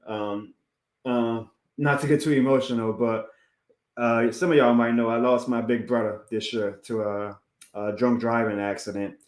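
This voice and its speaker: A man's voice: medium pitch, level tone, normal speed, roomy sound. A man chatting casually on a live stream, heartfelt and rambling, laughing often and answering chat. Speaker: YouTube sports streamer.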